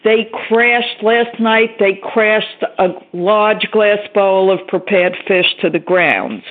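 A woman's voice: mid-range voice, slow pace. A woman from New York giving a grateful, conversational share at a recovery meeting, on a phone call. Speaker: meeting member sharing. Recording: tinny phone line.

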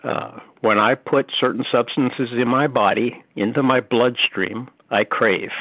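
A man speaks thoughtfully at a recovery meeting, measured and full of small hesitations. His voice comes through a dry, tinny phone line. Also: medium pitch, steady tone, gravelly, no echo. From North Carolina, US. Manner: thoughtful, measured, many uh fillers. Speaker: meeting member sharing.

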